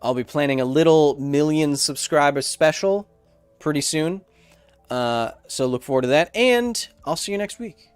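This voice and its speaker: A man in his thirties hosting a science livestream Q&A, chatting casually in an animated, joking, rambling way. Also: on the high side, normal speed, smooth, no room sound, soft background music.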